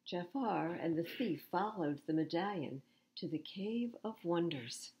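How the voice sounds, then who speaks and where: A woman's voice: lowish voice, lively intonation, a little slow, lo-fi sound. A woman reading picture books aloud to children at storytime, expressively and with asides to the listeners. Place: public library.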